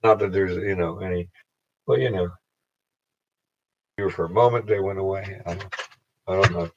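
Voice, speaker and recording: Deep-voiced man rambling, lo-fi. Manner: meandering, profane, halting restarts. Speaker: vlogger. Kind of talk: rambling casual monologue to camera.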